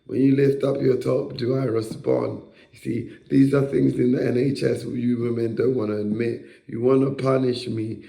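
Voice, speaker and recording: A man's voice: mid-range voice, gravelly, mellow. A man on a hospital ward, angrily ranting at a staff member, swearing and repeating rhetorical questions. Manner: angry, profane, repeats himself, rhetorical questions. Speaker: psychiatric ward patient. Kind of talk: confrontational rant at a staff member. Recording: echoey room.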